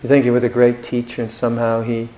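A man giving a Buddhist dharma talk in a reflective, gently humorous way, with hesitant restarts. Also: mid-range voice, monotone, quick pace, background noise. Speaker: Buddhist monk teacher.

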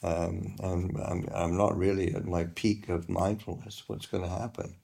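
A man, a Buddhist teacher, explaining a teaching in halting, hesitant conversation. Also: deep voice, flat delivery, creaky, warm tone, husky. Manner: halting, hesitant, many fillers. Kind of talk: conversational dharma talk.

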